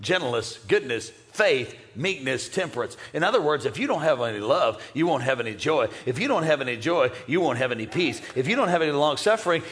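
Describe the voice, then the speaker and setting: High-voiced, energetic male pastor. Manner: energetic, playful, calls out to the congregation. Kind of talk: sermon.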